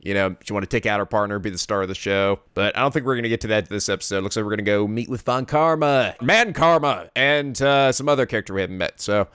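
A man's voice: fairly low pitch, fast talker, hardly any pauses, a bit bright, smooth, no echo, clean studio sound. A man hosting a let's play, chatting casually over a game in a rambling, profane way. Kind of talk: casual gameplay commentary.

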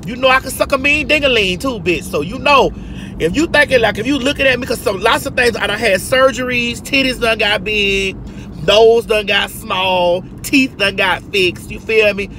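A woman's voice: on the high side, normal speed, fairly bright tone. A woman in her forties, telling stories to her viewers in a sassy, chatty way while driving, calling them girl and honey. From Georgia, US. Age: 40s. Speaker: livestream host. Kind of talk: casual storytelling to viewers. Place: inside a car while driving. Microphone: phone. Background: car and road noise.

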